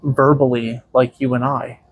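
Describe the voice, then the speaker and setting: A man with a gravelly voice talks as a guest on a casual interview show. He rambles through stories, swears freely and keeps saying "you know." His voice sits in an ordinary middle pitch. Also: flat delivery, a little slow, a little hiss or hum. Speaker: tattoo shop owner, podcast guest.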